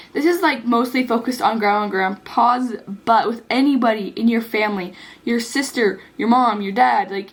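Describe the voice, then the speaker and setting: A teenage girl giving casual, earnest advice in a vlog, rambling with many "like"s and restarts. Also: fairly high pitch. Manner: rambling, earnest, heavy use of "like". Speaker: vlogger.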